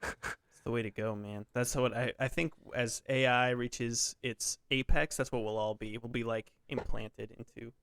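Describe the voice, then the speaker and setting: A man hosting a gaming podcast in loose, jokey chat, often breaking into laughter. His voice is smooth and resonant. The sound is dry and close on a podcast mic. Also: mid-range voice, steady tone, normal speed, a bit bright, dry recording. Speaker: podcast host. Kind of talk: casual chat.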